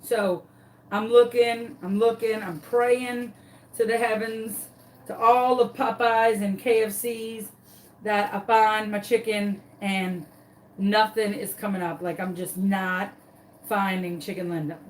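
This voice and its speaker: A woman's voice: mid-range voice, fairly even intonation, takes it slowly, distant mic, poor audio. A woman, a crafting vlogger telling a dramatic story while she works on a craft tutorial.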